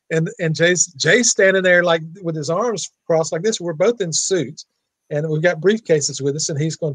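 A man guest telling a lively anecdote in an interview, acting out the dialogue. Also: on the high side, moderate pace, no room sound. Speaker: guest attorney. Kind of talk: storytelling in an interview.

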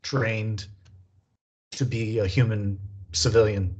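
A man hosting a podcast in casual conversation, speaking slowly and deliberately with long reflective pauses. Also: on the low side, steady tone, darkish tone, husky. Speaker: podcast host.

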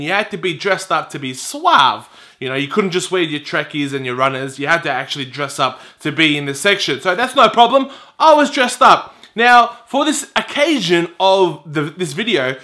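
A young man in his twenties tells a story straight to camera, loose and chatty, acting out each exchange with exasperated energy. His voice sits high for a man, with a bright, forward edge. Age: 20s. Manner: animated, exasperated, acts out quoted exchanges. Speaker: YouTuber telling a story.

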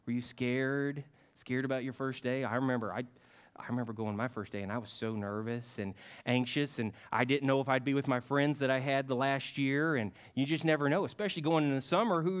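A man's voice: medium pitch, fast. Folksy man telling kids a story. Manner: folksy, animated storytelling to children. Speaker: children's message leader at church. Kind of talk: children's sermon with storytelling. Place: church sanctuary.

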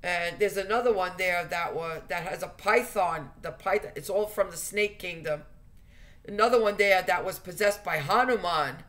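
A woman's voice: fairly low pitch, normal speed, fairly bright tone. Earnest woman repeating phrases for emphasis. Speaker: spiritual vlogger. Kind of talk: earnest spiritual advice monologue.

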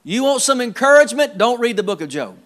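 A male pastor preaching a sermon in a church service, emphatic, repeating words and swinging between quiet and loud. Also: very high-pitched, big pitch swings, quick pace.

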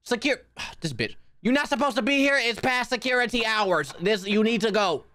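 A man's voice: high voice, animated, moderate pace, sharp tone, voice pushed up. A man putting on an overly sweet, sing-song customer-service voice with exaggerated politeness. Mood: mock stern. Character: sugary overpolite high-voiced man, fake customer-service cheer.

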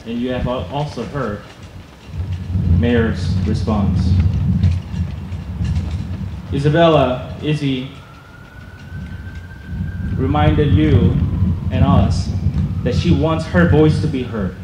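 A man speaking at an outdoor rally, slowly putting rhetorical questions to the crowd before introducing the next speaker. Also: mid-range voice. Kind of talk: impassioned rally speech. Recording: echoey outdoor PA sound with traffic noise.

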